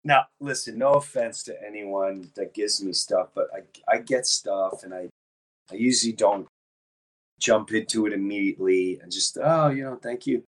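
A man with a slightly low voice hosts a casual podcast chat while fighting off a sore throat. He talks in a low-key, subdued way, his voice worn out. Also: normal speed. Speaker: podcast host.

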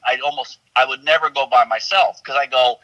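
A man, an actor guest, telling animated, rambling stories in casual chat with frequent restarts. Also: medium pitch, fairly quick, lo-fi sound.

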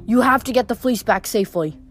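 A woman's voice: on the high side, brisk, soft background music, lightly acted. A woman reading aloud, voicing an earnest, stubborn teenage boy hero. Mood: firm.

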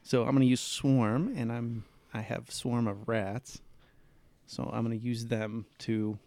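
A man's voice: mid-range voice, flat delivery, measured pace, darkish tone, dry recording. A man playing a vampire character in a tabletop horror game, talking eagerly. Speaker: player voicing vampire character. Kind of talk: tabletop role-play.

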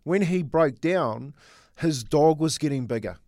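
A man's voice: a little high, animated, a little slow, darkish tone, dry recording, studio quality. A middle-aged man co-hosting a casual sports chat, telling a personal story earnestly with many restarts. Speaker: co-host.

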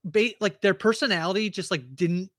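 High, bright-voiced man recapping casually. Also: normal speed, dry recording, clean studio sound. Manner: rambling, lots of "like" fillers and restarts. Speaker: podcast co-host.

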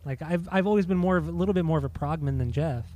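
A man's voice: fairly high pitch, fast, dark tone. An American man chatting casually and enthusiastically, with many fillers and some swearing. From United States. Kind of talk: casual chat.

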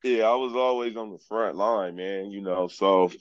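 A man's voice: lowish voice, normal speed, muffled recording, crowd noise. A man, a podcast guest, telling his life story in a laid-back, frank way and often saying "man". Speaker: podcast guest, journeyman lineman. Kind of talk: casual storytelling interview.

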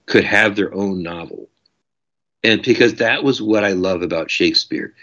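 A man's voice: sits low, fairly bright tone. A man, an author, talking through his ideas in a passionate, discursive way in a casual interview. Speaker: author guest. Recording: dull lo-fi audio.

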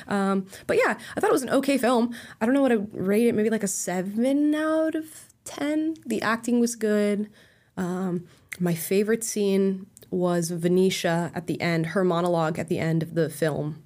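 A woman's voice: mid-range voice, moderate pace. Woman from florida co-hosting a stream, talks easy and laughs a lot. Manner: laughs often, chatty and opinionated. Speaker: co-host. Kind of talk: casual livestream chat.

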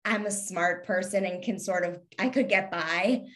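A woman's voice: on the low side, moderate pace, fairly bright tone. A woman in her thirties from Kentucky with a light Southern twang, talking casually as an interview guest in a sarcastic, witty way with lots of ums. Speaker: guest, Instagram influencer.

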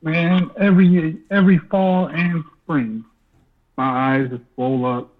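A man's voice: on the high side, unhurried. A man chatting casually in a laid-back, blunt way, with casual swearing. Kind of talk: casual chat. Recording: phone-like line.

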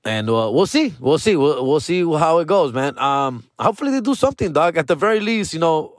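A man's voice: fairly high pitch, very animated, brisk, dry recording. Laid-back slangy man talking in a dry room. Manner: slangy, profane, peppers talk with "dog" and "fool"; switches into Spanish mid-sentence. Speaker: vlogger. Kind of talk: casual personal monologue. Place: his room at home.

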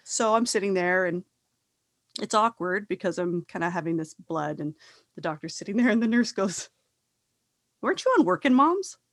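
A woman's voice: on the low side, moderate pace, dry recording. A woman with a Canadian accent, hosting a podcast and telling stories in casual chat, acting out the people she quotes. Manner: lively storytelling, acts out quotes. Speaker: podcast host.

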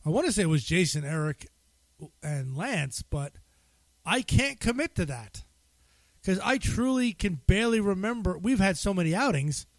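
High-voiced, teasing male podcast co-host. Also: sing-song, moderate pace, no echo. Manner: laughing, teasing storyteller. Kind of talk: casual chat.

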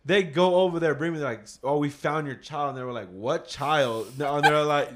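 Background noise sits behind a father's brisk, slightly high voice as he rambles through a casual story. He swears offhandedly and plays out his past thoughts with lots of "I was like."

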